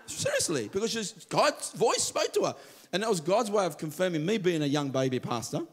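A man preaching a sermon as pastor, telling stories with lively quoted voices. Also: sits high, fairly quick, breathy edge. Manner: animated storytelling, acts out quoted voices. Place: church.

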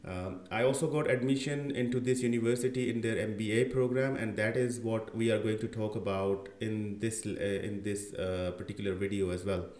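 A man's voice: fairly low pitch, steady tone, moderate pace, few pauses, darkish tone. Chatty young man hosting a tutorial. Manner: conversational, with frequent fillers and "right?" check-ins. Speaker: education channel host. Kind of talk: casual screen-share tutorial.

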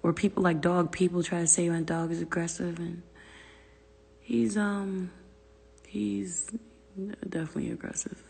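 Husky, gravelly-voiced young woman ranting. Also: on the low side, little pitch movement, a little slow, pauses often, darkish tone, in a large hall. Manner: profane, exasperated venting; answers viewer comments aloud. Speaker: livestream host. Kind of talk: casual livestream rant. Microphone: phone livestream.

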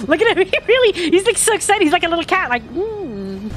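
A young woman doing let's play commentary, excitable and swearing a lot, with frequent yelps and repeated cries. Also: very high voice, very fast, noisy background. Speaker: gamer streamer. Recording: game music clearly behind.

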